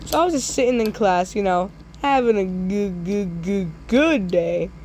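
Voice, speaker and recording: A woman telling absurd comic stories in a drawling way, with sudden loud squealing outbursts. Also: medium pitch, animated, a little slow, a little hiss or hum. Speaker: storyteller. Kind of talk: absurd comedic storytime.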